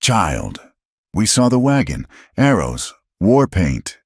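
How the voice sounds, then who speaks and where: A man voicing a pompous, condescending older land baron who booms his lines. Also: wildly swooping pitch, slow pace, slightly rough, no room sound, studio quality, exaggerated voice. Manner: booming, condescending.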